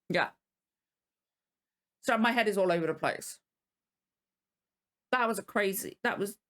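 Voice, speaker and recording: A woman, teary and emotional, rambling and gushing with many restarts as she hosts a reaction vlog. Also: fairly high pitch. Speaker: reaction channel host. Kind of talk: casual reaction vlog chat.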